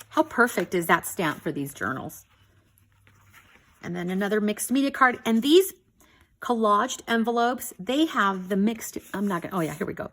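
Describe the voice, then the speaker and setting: A woman hosting a casual craft flip-through video, excited and gushing, often saying "you guys" and a little out of breath. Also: medium pitch. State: slightly out of breath. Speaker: craft channel host.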